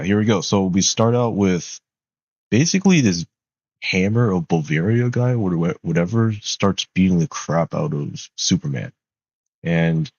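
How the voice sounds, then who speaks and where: A man with a low voice talks through a movie recap in a loose, slangy ramble, full of fillers and an occasional curse. His mic is close and dry, with a dull, lo-fi sound. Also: no room sound. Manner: loose slangy talk, many fillers, swears when exasperated. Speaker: movie reviewer. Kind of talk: casual rambling film recap.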